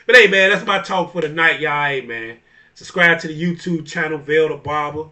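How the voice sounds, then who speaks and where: A man's voice: a little high, normal speed, pushed and bright, far from the mic. A man, a barber and DJ, hosting a casual monologue in a blunt, profane style, laughing often. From Chicago area. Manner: blunt, profane, laughs often, repeats "you know what I'm saying". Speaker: barber and DJ hosting a talk video.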